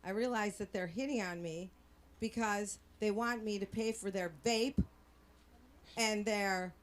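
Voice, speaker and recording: A middle-aged woman doing a brash, bawdy stand-up set. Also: medium pitch. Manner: brash, bawdy, slow deliberate delivery. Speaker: stand-up comic.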